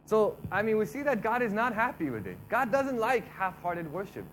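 A man giving a casual, conversational sermon, talking through the text in a relaxed way and often repeating himself. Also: sits high, normal speed, a little hiss or hum, poor audio. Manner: relaxed, repeats himself, acts out complaining voices. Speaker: preacher.

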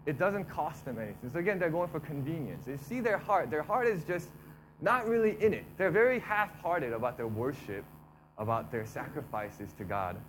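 Man preaching casually, slightly high voice. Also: moderate pace, a little hiss or hum, rough recording. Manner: relaxed, repeats himself, acts out complaining voices. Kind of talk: casual conversational sermon.

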